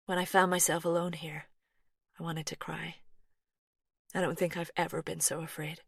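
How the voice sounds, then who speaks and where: Soft, nervous American woman with a firm twang, read by a female narrator; low, dry studio audiobook. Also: flat delivery, moderate pace, vocal fry, husky, no echo, full character voice. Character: anxious, softly spoken American woman.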